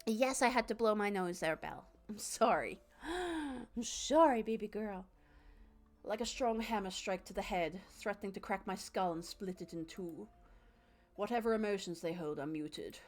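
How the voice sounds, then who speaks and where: Faint music plays behind a young woman whose medium-pitched voice moves a little slowly as she streams a game. She performs the narration theatrically and chats animatedly with viewers and her cat.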